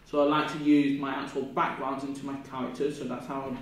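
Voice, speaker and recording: A young man, a drama student, reflecting aloud on his performance in a halting, rambling way with many restarts, sounding ill with a cough. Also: mid-range voice, flat delivery. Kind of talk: spoken self-reflection. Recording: echoey room from far off, faint noise.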